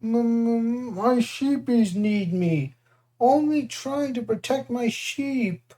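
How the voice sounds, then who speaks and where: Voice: mid-range voice, lively intonation, slow pace, a little mellow, voice pushed up. A reader doing a whiny, savage giant cyclops. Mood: pitiful sobbing. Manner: broken simple grammar. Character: huge brutish male cyclops, whiny then savage. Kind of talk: audiobook character voice.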